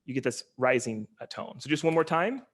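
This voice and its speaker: A man's voice: medium pitch, animated, brisk, a bit bright. A male linguistics lecturer giving an online talk, explaining step by step with many ums, uhs and restarts.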